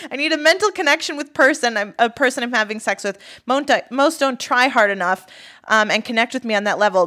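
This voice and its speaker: A woman's voice: medium pitch, fairly bright tone. A woman telling a story in casual chat, bluntly reading out text messages.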